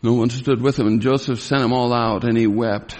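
A man's voice: steady tone, a little fast, darkish tone. Male Bible teacher, mid-range voice, emphatic sermon delivery, long hall reverb. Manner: emphatic, bursts of raised pitch when retelling scenes. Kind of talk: expository sermon.

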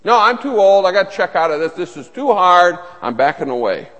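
A man's voice: sits high, sing-song, a little fast, a bit bright. Barzillai, a weary old man, as a preacher voices him. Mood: pleading. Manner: pleading, backing away. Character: weary, reluctant eighty-year-old man. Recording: long reverb of a large hall.

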